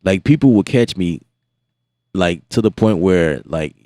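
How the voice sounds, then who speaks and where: A very deep-voiced American man talking loosely to his stream, animated and exasperated, restarting and repeating words as he goes. His voice sounds close and dry, with no room around it. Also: unhurried, long pauses, no room sound. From United States. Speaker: beat-making livestream host. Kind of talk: casual livestream chat.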